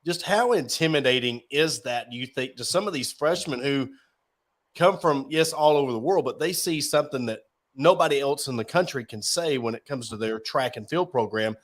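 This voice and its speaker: A man of ordinary pitch hosts a sports podcast in a relaxed, conversational way. His questions ramble along as he builds up to them. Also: normal speed. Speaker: podcast host. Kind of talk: casual interview talk.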